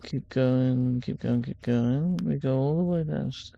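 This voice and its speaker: A gravelly-voiced man narrating his game. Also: medium pitch, unhurried, muffled recording. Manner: relaxed, thinking aloud as he plays. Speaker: gaming channel host. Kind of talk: casual game playthrough commentary.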